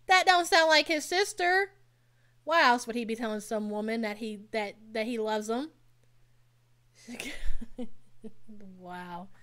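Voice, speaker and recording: A woman hosting a live stream in a casual, sassy way, with a fairly high voice. She speaks bluntly and keeps turning to chat with her viewers. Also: fairly bright tone. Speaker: live stream host reacting to a reality show.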